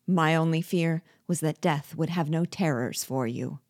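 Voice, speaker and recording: A woman's voice: deep voice, a little mellow, dry recording, clean studio sound. Habibra, a woman voicing a sinister vengeful dwarf. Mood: menacing. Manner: slow, mocking and menacing.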